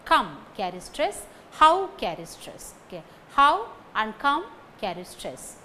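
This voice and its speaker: A woman's voice: a little high, sing-song, slow pace, pushed and bright, a little hiss or hum. A woman with an Indian English accent teaching phonetics, repeating each example sentence and then calling out the stressed words. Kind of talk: slow recorded lecture with drilled example sentences.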